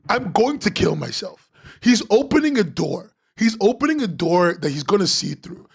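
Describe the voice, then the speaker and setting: Guy ranting about comics, high swoopy voice, gravelly and husky, sarcastic and swearing a lot. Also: sing-song, normal speed. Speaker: webcomics podcast host reviewing comics. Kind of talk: exasperated comic critique.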